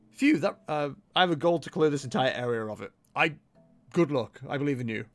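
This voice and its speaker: A young male streamer in loose, rambling commentary over a game he's playing. His pitch sits a little high and swoops around a lot, with a faint bed of music underneath. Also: a bit bright. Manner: chatty, rambling, self-mocking. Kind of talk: casual gameplay livestream commentary.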